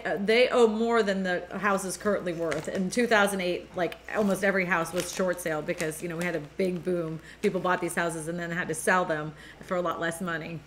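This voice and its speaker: A woman's voice: on the low side, slight background noise. A middle-aged woman with a New England accent hosting a casual live-stream chat, laughing often and reading viewer comments aloud. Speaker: host.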